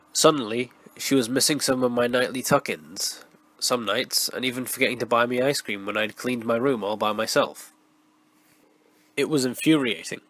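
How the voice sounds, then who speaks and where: A hoarse man with a cold narrating a first-person horror story in a steady storytelling voice, recorded raw on a close mic. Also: medium pitch, no echo. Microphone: raw, unprocessed close mic.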